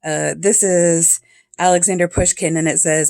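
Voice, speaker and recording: A woman's voice: lowish voice, steady tone, moderate pace, gravelly, a little mellow, no echo, clean studio sound. A woman vlogger at home, chatting casually and reading quotes aloud, laughing often as she comments. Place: home with cats and dogs.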